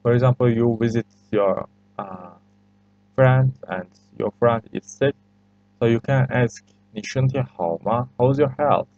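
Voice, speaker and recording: Man with a Turkish accent, patient teacher, very slow, dry, slightly muffled lo-fi recording. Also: mid-range voice, a little mellow, dry recording. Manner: patient, hesitant, repeats phrases for learners. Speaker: language teacher. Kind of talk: screen-recorded language lesson.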